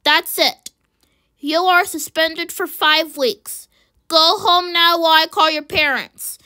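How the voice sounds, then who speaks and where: A woman's voice: very high voice, fairly even intonation, slow pace, pushed and bright, exaggerated voice. A woman voicing an angry male school principal in a homemade cartoon, stammering as he scolds. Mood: stern.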